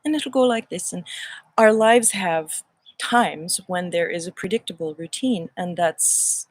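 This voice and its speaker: A woman's voice: lowish voice, unhurried. A woman in her fifties hosting a casual spiritual livestream talk in a playful, put-on Irish accent, musing and drawing out her phrases into the camera mic. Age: 50s. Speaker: host.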